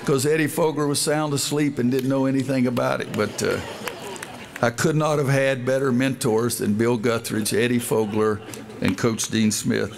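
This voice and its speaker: A man's voice: mid-range voice, fairly even intonation, moderate pace, gravelly, background noise. Older man telling folksy stories. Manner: folksy storytelling, acting out quoted dialogue. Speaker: basketball coach giving a speech. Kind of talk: speech at a dedication event.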